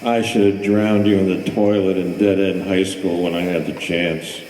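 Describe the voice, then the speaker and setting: A man's voice: low-pitched, little pitch movement, normal speed, darkish tone, roomy sound, big-room sound, slight background noise, lightly acted, poor audio. A man voicing an adult male school bully with a taunting edge while reading a poem aloud.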